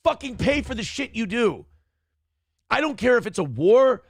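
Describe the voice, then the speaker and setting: A man's voice: extremely high pitch, sing-song, normal speed, no echo, clean studio sound. A man hosting a live-streamed morning talk show, ranting profanely about politics and thanking viewers for donations. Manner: loud, profane, worked-up ranting. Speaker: livestream talk show host.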